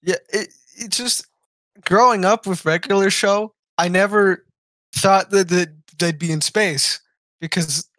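A man's voice: high voice, unhurried, sharp tone, no room sound, studio quality. A young man co-hosting a podcast, chatting casually in a rambling, enthusiastic way. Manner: rambling, enthusiastic, lots of fillers. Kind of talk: casual chat.

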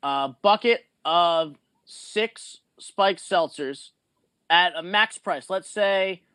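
A man's voice: high-pitched, slow pace, sharp tone, smooth, no echo. A young man in casual chat, telling a story in a laid-back, wry way with casual swearing.

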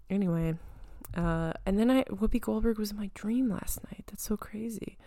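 Rambling podcast host, woman in her thirties, smooth but with fry, dry sound. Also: fairly low pitch, unhurried, no room sound. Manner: rambling, chatty, trails off and restarts. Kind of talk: casual chat.

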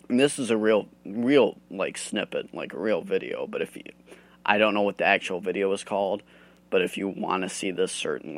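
A man from the United States hosting a solo podcast, ranting angrily and swearing a lot. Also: on the low side. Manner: profane, heated ranting. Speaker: host.

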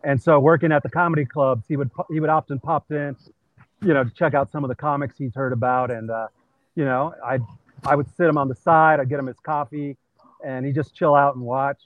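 A man's voice: medium pitch, fairly quick, no room sound, narrow, tinny audio. A male stand-up comedian from California, telling anecdotes casually with lots of "uh" fillers, calling in from a busy venue. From California, USA. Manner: animated anecdotes with many fillers. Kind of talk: casual storytelling. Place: busy comedy venue with people walking around.

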